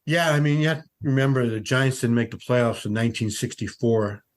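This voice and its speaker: A man's voice: mid-range voice, fairly even intonation, brisk. A man in his sixties, a veteran sportswriter, telling stories as a podcast guest in a conversational way with frequent restarts. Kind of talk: podcast interview.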